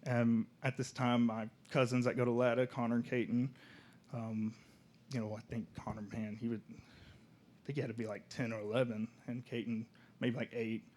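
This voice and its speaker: A man's voice: mid-range voice, little pitch movement, slight background noise. Young man telling his story. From Oklahoma. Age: young adult. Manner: casual, halting, soft-spoken at moments. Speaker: student speaker. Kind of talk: personal testimony storytelling.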